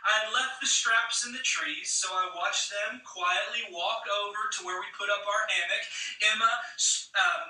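High, bright-voiced man preaching in an echoey room. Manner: conversational storyteller who acts out quotes. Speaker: pastor. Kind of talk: sermon with a storytelling opening. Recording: echoey room, mic some distance away.

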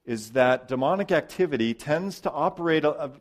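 A man preaching a sermon as pastor, emphatic, with loud stresses, quiet drops and repeated words. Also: a little high, lively intonation, a little fast.

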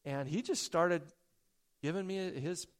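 Animated high-voiced male preacher. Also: a little slow, clean tone. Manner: animated, swings between loud emphasis and soft asides; stammers and repeats words when excited. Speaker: pastor. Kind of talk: sermon with personal story.

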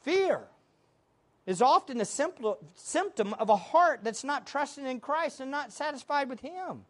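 Emphatic female preacher, high and very animated, call-and-response style. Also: a little slow. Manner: emphatic, asks the audience questions and answers them herself. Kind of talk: sermon.

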